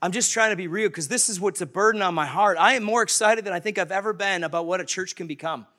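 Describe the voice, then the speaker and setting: A man preaching a sermon as pastor, animated and conversational, acting out quoted voices. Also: sits high, fast.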